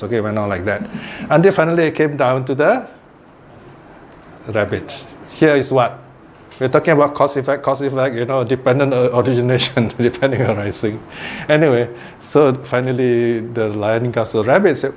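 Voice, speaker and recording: A man's voice: mid-range voice, normal speed, a little hiss or hum. A man giving a Buddhist Dharma talk, telling a fable in a chatty way, chuckling, repeating words and asking his listeners questions. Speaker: Buddhist teacher.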